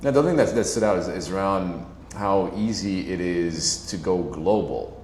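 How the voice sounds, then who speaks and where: Low-voiced guy hosting a podcast, kinda rambly, echoey room w faint hiss. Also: animated, normal speed, a little mellow. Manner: rambling, thinks aloud with restarts. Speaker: podcast host. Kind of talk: conversational interview.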